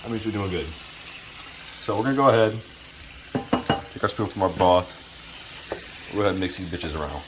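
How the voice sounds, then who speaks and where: A man's voice: low voice, moderate pace, long pauses. A man from Louisiana giving a casual cooking tutorial in his home kitchen, laid-back and profane with joking asides. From Louisiana, USA. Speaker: home cook. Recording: noisy kitchen with frying sizzle. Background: food sizzling in a pan.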